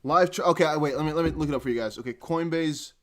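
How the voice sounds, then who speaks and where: A man's voice: a little high, quick pace. Rambling Dutch-accented man, crypto livestream. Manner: rambling, trails off with "I don't know"; reads viewer comments aloud. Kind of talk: casual live-stream chat.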